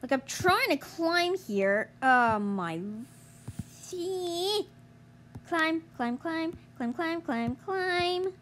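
A young woman commentating her gameplay, exasperated and groaning, yelling at other players to get out of her way. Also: extremely high pitch, expressive, drawn-out words, a little hiss or hum. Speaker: gamer streamer.

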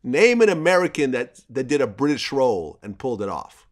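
A man hosting a casual interview, asking questions in an upbeat, animated way. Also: mid-range voice, a little fast. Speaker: interviewer, host.

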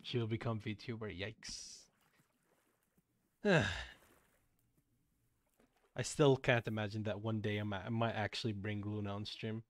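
A man's voice: lowish voice, fairly even intonation, dry recording. A young man streaming as a VTuber, chatting casually while playing a game with a friend. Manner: chatty, quick shifts between loud and soft. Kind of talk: casual gaming chat.

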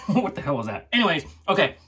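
A man with a husky, slightly breathy voice talks through his shave in a loose, chatty way. He rambles, laughs often, and sounds like he is reviewing products for his own channel. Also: on the high side, big pitch swings, fairly quick, pushed and bright. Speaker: shaving channel host. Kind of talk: casual product review vlog.

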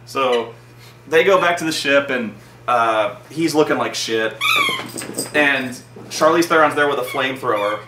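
At a measured pace and in a mid-range voice, a man hosting a vlog chats casually through a film recap. He rambles, leans heavily on "like," and swears freely, while the audio has room echo, a distant mic and faint noise.

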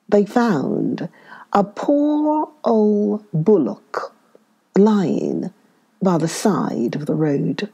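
A woman narrating a children's story in a calm, measured way. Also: low-pitched, breathy edge.

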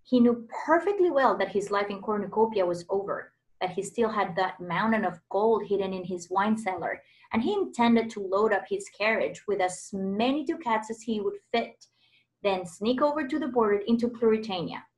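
Teacher lady reading a kids' novel out loud, expressive storytelling. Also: medium pitch, normal speed, low-quality recording. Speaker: preschool teacher, guest reader. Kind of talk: reading a children's novel aloud.

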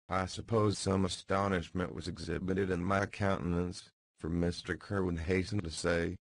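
A man narrates a classic novel in the first person with a deep, low voice and formal, measured phrasing. The recording is dry and close-miked. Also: dry recording, poor audio. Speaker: audiobook narrator. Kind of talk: scripted narration.

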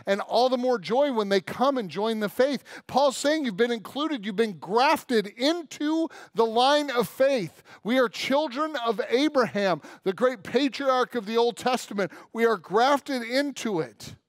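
A male pastor delivers a sermon in a fairly high voice, telling a story and acting out the dialogue. His delivery is emphatic and direct. The sound is dry and close, with little room echo. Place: church.

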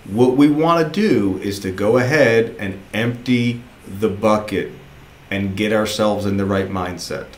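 A man's voice: fairly low pitch, a little slow, reverberant. A man giving a casual, encouraging motivational training talk to new recruiters, often repeating himself for emphasis.

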